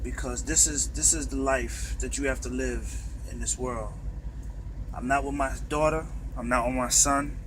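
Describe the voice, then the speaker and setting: A man's voice: medium pitch, steady tone, normal speed, noisy background. A truck driver with a New York accent, ranting in a bitter, profane monologue from inside his truck cab.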